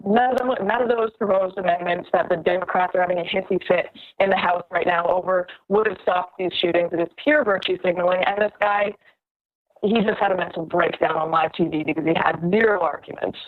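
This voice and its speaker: A young woman from Canada, a guest on a talk show, telling her story in an animated, pointed way. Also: fairly low pitch, a little fast, narrow, tinny audio. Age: young adult. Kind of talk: phone-in interview.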